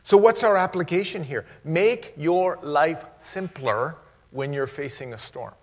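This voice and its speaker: A middle-aged man, a guest preacher, giving a sermon with jokes and laughter that turns earnest and quiet. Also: a little high, measured pace.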